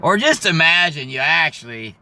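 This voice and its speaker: A man's voice: on the high side, big pitch swings, normal speed, bright, forceful tone. A male comedian giving a rambling, crude comic monologue with lots of fillers. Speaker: comedian and comic country singer. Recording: noisy with traffic behind.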